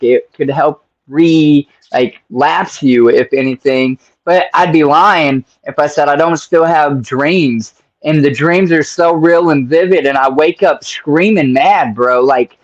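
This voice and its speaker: A man's voice: on the high side, highs cut off. A man hosting a casual interview, rambling and swearing, calling his guest "bro". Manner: rambling, profane, keeps saying "bro". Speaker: podcast host.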